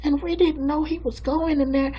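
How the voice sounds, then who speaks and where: A man's voice: extremely high pitch, fairly even intonation, normal speed, dull audio, pitched above the performer's own voice. A man voicing a sassy, bossy churchgoing sister who calls everyone honey, in a comedic character monologue. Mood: hushed. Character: sassy gossiping churchgoing sister, middle-aged woman.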